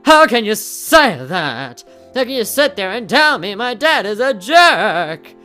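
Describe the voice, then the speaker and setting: A woman's voice: fairly low pitch, very animated, normal speed, fairly bright tone, faint music behind. A woman voicing an anxious teenage boy who loves digging, pleading and upset, read aloud from a game.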